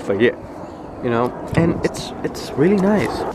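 A young man casually vlogging outdoors by the water in light rain, talking excitedly and slangily straight to his viewers on a handheld phone. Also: fairly high pitch, a little slow. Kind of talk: casual outdoor vlog chat. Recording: outdoor phone audio with street noise.

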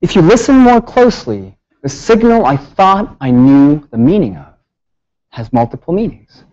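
A man giving a public lecture, telling stories with lively rhetorical questions. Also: on the high side, normal speed, highs cut off. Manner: animated storytelling with rhetorical questions. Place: lecture hall.

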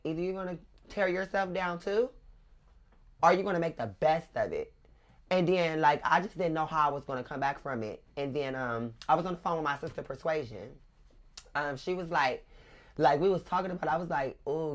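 Low-voiced woman, joking guest. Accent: African American Vernacular English, Los Angeles. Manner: joking, laughs often, animated when retelling. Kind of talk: casual interview chat.

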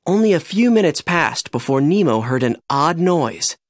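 Storybook reader, super lively, bouncy, dry close sound. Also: medium pitch, moderate pace, no room sound. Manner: expressive, animated read-aloud. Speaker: narrator. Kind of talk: children's storybook reading.

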